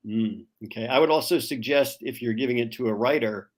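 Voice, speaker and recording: A man's voice: medium pitch, brisk. Male co-host, easygoing, brief replies, plain mid-range voice. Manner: agreeable, brief responses, easy laughter. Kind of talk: casual chat.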